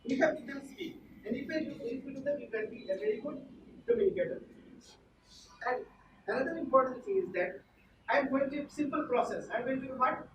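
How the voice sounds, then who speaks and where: A woman's voice: sits high, expressive, a little fast. A woman giving a classroom lecture, repeating her points and quizzing the class. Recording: echoey room, far from the mic, noisy.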